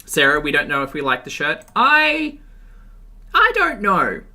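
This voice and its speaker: A man's voice: a little high, wildly swooping pitch, unhurried, vocal fry, sharp tone. A man giving sarcastic, chatty reaction commentary on a livestream. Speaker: commentary streamer.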